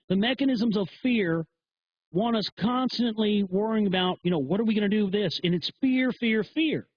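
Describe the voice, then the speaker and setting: Crude, rambling male livestream host, husky and high-pitched; dull, dry lo-fi stream. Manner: crude, rambling, swears a lot. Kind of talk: profane livestream rant.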